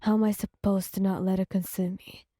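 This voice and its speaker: A hot-tempered young male hero student, voiced by a woman, snapping in clipped, growling lines in an audio story. The voice is breathy and mellow, the delivery unhurried. The recording is dry and close. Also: high-pitched, level tone, no room sound, voice pushed down. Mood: frustrated. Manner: clipped, growling, then remorseful. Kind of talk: audio story role-play.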